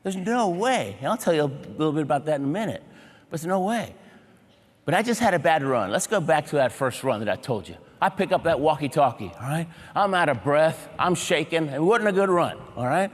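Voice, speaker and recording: Animated man speaking in a reverberant hall. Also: on the high side, brisk. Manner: animated, punchy short phrases with audience check-ins. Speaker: motivational keynote speaker. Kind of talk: humorous motivational storytelling. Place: large auditorium before a big audience.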